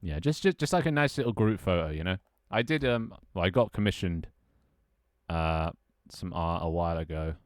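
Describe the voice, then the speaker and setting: Low-voiced young man chatting on stream. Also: expressive, moderate pace, dry recording, studio quality. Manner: rambling, laughing, talking to chat and friends. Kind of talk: casual live-stream chat.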